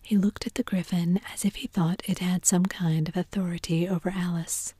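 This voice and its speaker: A woman reading a classic children's storybook aloud in a soft, even whisper. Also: fairly low pitch, normal speed, breathy edge, no room sound, studio quality.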